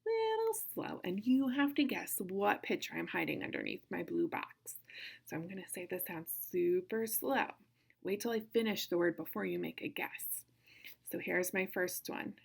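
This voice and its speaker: A woman teaching a kindergarten phonics lesson, sounding out words slowly in an encouraging sing-song way. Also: fairly low pitch, vocal fry, slightly rough. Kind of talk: phonics lesson for young children.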